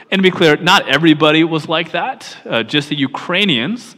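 A middle-aged man from Pennsylvania telling a personal story in a sermon, sometimes dropping to a hushed near-whisper. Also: fairly high pitch, moderate pace, hardly any pauses, long reverb tail. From York, Pennsylvania, USA.

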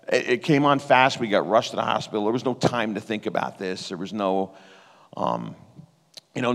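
A man preaching a sermon and sharing a personal testimony in an earnest, conversational way that turns emotional. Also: medium pitch. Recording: reverberant hall.

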